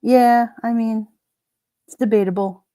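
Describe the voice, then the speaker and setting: A woman's voice: fairly high pitch, steady tone, a little slow, dark tone, no room sound, clean studio sound. A middle-aged woman with a New York accent, hosting a casual livestream and chatting with viewers as she reads their comments, joking and laughing often. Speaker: livestream host. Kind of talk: casual live chat reading comments.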